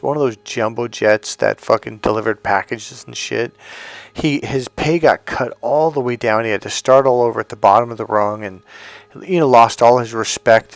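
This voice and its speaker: A man's voice: mid-range voice, dry recording. A middle-aged man talking as a dating coach in a blunt, profane, emphatic monologue, telling stories and acting out the people in them. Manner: blunt, profane, emphatic, tells anecdotes with quoted voices. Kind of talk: casual monologue.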